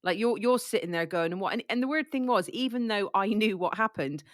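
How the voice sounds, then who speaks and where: A woman's voice: mid-range voice, lively intonation, fairly quick, dry recording, clean studio sound. A woman with a cold chatting casually about a book, full of "like" and restarts. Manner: chatty, lots of likes and restarts. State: has a cold, coughing. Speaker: book discussion co-host.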